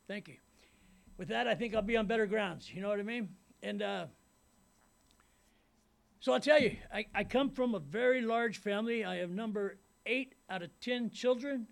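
A man's voice: high-pitched, normal speed, gravelly. A middle-aged man speaking at a recovery meeting, talking in a rambling, casual way and often tagging on "man" and "you know what I mean.". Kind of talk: personal recovery talk to a meeting. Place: meeting room before a live audience.

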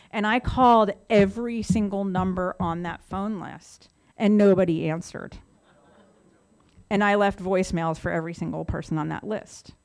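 A woman's voice: mid-range voice, darkish tone. A middle-aged woman candidly telling her sobriety story in a casual, conversational way, with many fillers. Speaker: speaker sharing her story. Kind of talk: recovery testimony, casual storytelling.

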